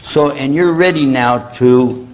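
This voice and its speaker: A man giving an Islamic lecture to a live audience in a hall, humorous and animated, leading the crowd in call-and-response. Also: mid-range voice, unhurried, slight background noise.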